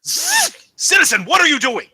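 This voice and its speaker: A man's voice: medium pitch, animated, a little fast, bright, forceful tone, slightly rough, full character voice. A man voicing a stern, officious male city computer that barks clipped orders at citizens. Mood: demanding.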